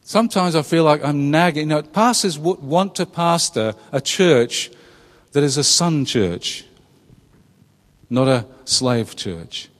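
A man's voice: a little high, lively intonation, takes it slowly. Aussie pastor guy, middle-aged, casual chatty sermon, keeps asking the room questions, long echo off a big hall. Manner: chatty, asks the congregation questions, laughs at his own jokes. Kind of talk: conversational sermon. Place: church.

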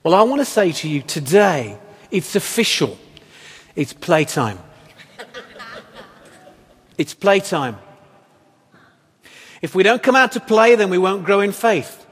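A man's voice: sits high, very animated, takes it slowly, pauses often, a bit bright, husky. A man preaching a sermon as pastor, earnest and emphatic, with rhetorical questions. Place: church hall. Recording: long hall reverb.

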